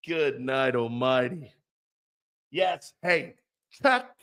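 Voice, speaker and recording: A man's voice: medium pitch, expressive, very slow, pauses often, fairly bright tone. A man hosting a sports talk show, ranting in a blunt, profane, mocking way and laughing often. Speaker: host.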